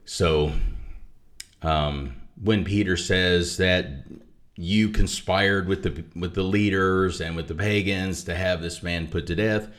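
This guest, a male author discussing his book during a conversational theology talk, has a low, fairly bright voice. His tone stays steady and he speaks slowly, pausing to restart thoughts and add asides.

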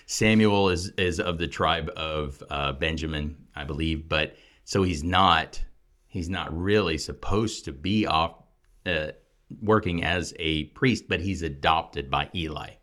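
Deep-voiced man explaining scripture. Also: unhurried, fairly bright tone. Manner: explanatory, rising to emphatic preaching on key points. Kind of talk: casual Bible discussion.

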